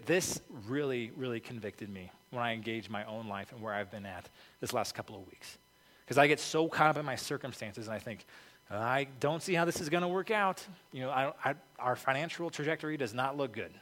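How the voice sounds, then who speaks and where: In a reverberant hall, a man with a mid-range, somewhat bright voice preaches as pastor. His sermon is conversational and informal, peppered with "okay" and "like."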